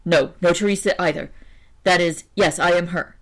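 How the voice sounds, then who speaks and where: Picture a lonely, poor woman pressing her point with hurt insistence, read aloud by a woman narrator. Her voice sits a little low for a woman. The reading is an audiobook style. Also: steady tone, normal speed. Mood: pleading. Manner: pleading, offended insistence.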